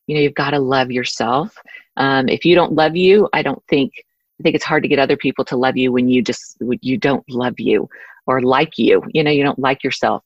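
Woman, low voice, earnest, rambling, dry close sound, dull lo-fi audio. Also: a little fast, no echo. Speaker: podcast guest, author. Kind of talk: casual interview talk.

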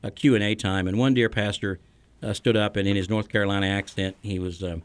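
A man's voice: on the low side, steady tone, fairly quick, smooth. A middle-aged man, a pastor hosting a podcast, who teaches in an earnest, storytelling way and chuckles between points.

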